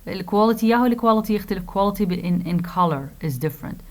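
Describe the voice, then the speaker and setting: A woman lecturer, an Arabic speaker, teaching a phonetics class slowly, with many fillers, repeated phrases and asides in Arabic. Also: mid-range voice. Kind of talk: recorded lecture.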